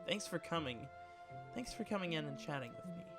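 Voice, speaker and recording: A man's voice: on the high side, animated, brisk, music in the background. A man voicing a nervous but chatty young woman survivor in a game, reading her lines in a raised, chirpy voice.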